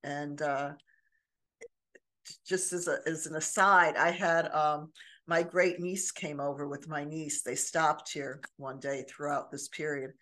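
Older female co-host, earnest rambling storyteller, slightly low pitch. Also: fairly even intonation, slow pace, bright, forceful tone. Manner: storytelling, earnest, many restarts. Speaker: podcast co-host. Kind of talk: casual chat.

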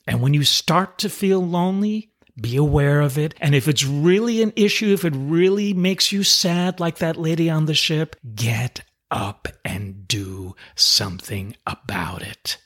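A man's voice: a little high, lively intonation, a little slow, few pauses, fairly bright tone. A man hosting a motivational podcast, speaking in an earnest, emphatic coaching manner. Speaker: podcast host. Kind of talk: motivational talk.

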